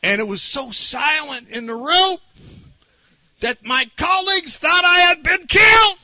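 High bright-voiced man preaching animatedly. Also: expressive, a little slow, no room sound. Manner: swings from shouting to whispering while acting out a story. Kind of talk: sermon storytelling.

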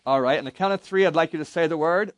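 Speaking fast in a fairly high-pitched voice, a camp Bible teacher quizzes a group of young campers and leads them in call-and-response during an interactive lesson. The recording is dry.

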